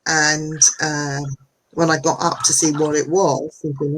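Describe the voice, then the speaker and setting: A woman guest talking from home on a video call, chatty and animated, often laughing as she tells her stories. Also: sits low, measured pace, slight background noise, poor audio. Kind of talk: casual conversation.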